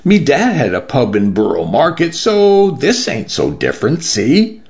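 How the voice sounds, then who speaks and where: A man's voice: mid-range voice, wildly swooping pitch, unhurried, darkish tone, lo-fi sound, pitched above the performer's own voice. A man voicing a shy, nervous young woman with a London accent.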